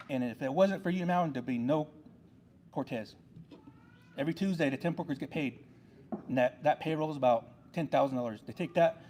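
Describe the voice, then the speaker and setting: A man's voice: a little high, a little mellow, a little hiss or hum. Earnest rallying council member, man. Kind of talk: ceremony speech.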